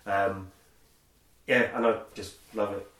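Lowish voiced guy rambling on a podcast, lots of ums, sounds a bit far from the mic in an echoey room. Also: steady tone, slow pace, a loud crowd. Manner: rambling, hesitant with many ums. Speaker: podcast co-host. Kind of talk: casual chat. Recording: roomy echo, from far off the mic.

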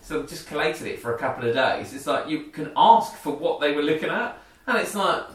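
A man's voice: a little high, expressive, brisk, fairly bright tone. A man, chatting casually on a podcast, swearing freely and laughing often. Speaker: podcast co-host. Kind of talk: casual banter. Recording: very echoey, distant from mic.

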